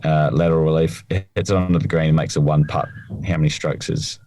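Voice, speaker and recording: A man's voice: a bass voice, flat delivery, a little fast, a little mellow. A man co-hosting a casual podcast, rambling and hesitant, often trailing off mid-thought. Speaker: podcast co-host.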